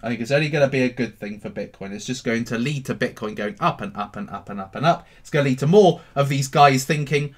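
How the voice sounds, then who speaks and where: A man hosting a casual livestream about crypto, answering viewer questions in a cheeky, animated way. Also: medium pitch, fast talker, few pauses. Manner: animated and cheeky, swinging between loud bursts and mutters.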